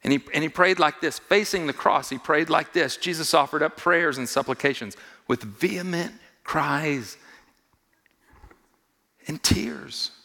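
A man preaching a sermon to a congregation. He repeats phrases for emphasis, asks his listeners questions, and swings from quiet, low asides to loud, high-pitched exhortation. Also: a little slow, vocal fry, big-room sound. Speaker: pastor.

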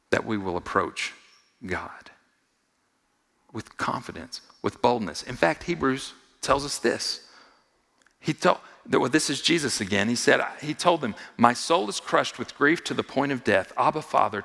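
A man preaching a sermon to a congregation. He repeats phrases for emphasis, asks his listeners questions, and swings from quiet, low asides to loud, high-pitched exhortation. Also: gravelly, big-room sound. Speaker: pastor.

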